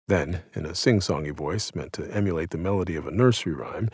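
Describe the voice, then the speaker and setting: A man in his thirties from the United States, reading his own essay aloud in a measured, reflective and somber way. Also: low-pitched, animated, darkish tone, breathy edge, no echo, studio quality. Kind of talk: scripted narration.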